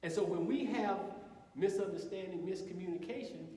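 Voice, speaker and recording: A man leading a group session, teaching through anecdotes as an animated storyteller with a laugh in his voice. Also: high-pitched, a little fast. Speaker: co-presenter of a couples session. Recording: roomy hall from a distance.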